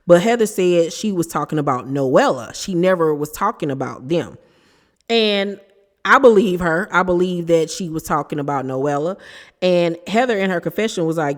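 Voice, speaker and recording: A woman's voice: fairly low pitch, long reverb tail. A woman hosting a casual, opinionated recap of a reality show, talking in a chatty, emphatic way with sassy asides.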